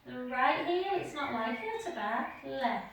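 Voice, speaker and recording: Slow, gentle woman teaching pilates. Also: sits high, expressive, creaky. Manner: slow, gentle cueing with counting, chatty asides. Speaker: pilates instructor. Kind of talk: live online class instruction. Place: home room with dog nearby. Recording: echoey room heard from a distance.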